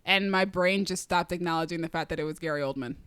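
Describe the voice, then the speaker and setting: A woman's voice: on the low side, fast, fairly bright tone, smooth, no room sound. Chatty female podcast co-host, rambling, lots of fillers, dry close mic. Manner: rambling, many fillers, laughs easily. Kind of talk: casual movie review chat.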